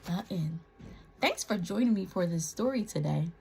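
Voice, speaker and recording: A woman reading a picture book aloud to young children, playful and asking them questions with dramatic pauses. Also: on the low side, animated, gravelly, warm tone, a little hiss or hum. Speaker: children's story reader. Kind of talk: animated children's read-aloud.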